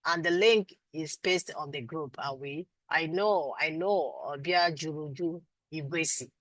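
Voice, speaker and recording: Low-voiced Nigerian woman teaching online. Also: a little slow, no echo, rough recording. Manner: affectionate, calls students sweetie and my love; firm, insistent teacher. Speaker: instructor. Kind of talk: live online class Q&A.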